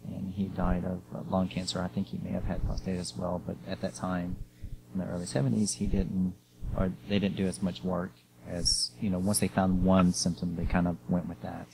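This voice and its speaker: Deep, flat-voiced sympathetic male host. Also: normal speed, gravelly. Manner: gentle, sympathetic, with hesitations. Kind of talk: interview conversation. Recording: audible background noise.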